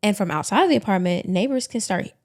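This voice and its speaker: A woman's voice: medium pitch, lively intonation, quick pace. A woman co-hosting a podcast, riffing and storytelling in a slangy, playful true-crime chat. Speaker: podcast co-host.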